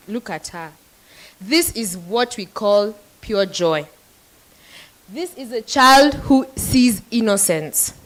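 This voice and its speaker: Teen girl from Kenya, child representative moderating a panel, earnest and emotional, unhurried delivery. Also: medium pitch, a bit bright, low-quality recording. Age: teenager. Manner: earnest, emotional, addressing the audience directly. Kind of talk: speech to a conference audience.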